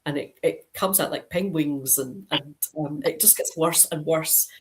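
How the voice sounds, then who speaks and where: A woman's voice: sits low, a little slow, a little mellow, low-quality recording. A middle-aged Scottish woman from Dundee, an author chatting on a video call, rambling with lots of ums and restarts. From Scotland (Dundee). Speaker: crime author, guest. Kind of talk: casual video-call interview.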